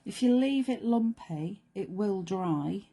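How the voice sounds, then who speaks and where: A middle-aged woman presenting a live craft demonstration, chatty and playful, sometimes dropping to soft whispered asides as she works. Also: medium pitch, lively intonation, takes it slowly, gravelly, breathy edge. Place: craft studio.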